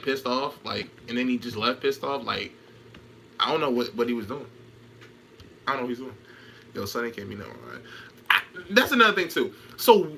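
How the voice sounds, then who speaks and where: A man's voice: medium pitch, sharp tone, slight background noise. A man in casual chat on a stream, trash-talking, laughing and repeating himself while answering comments.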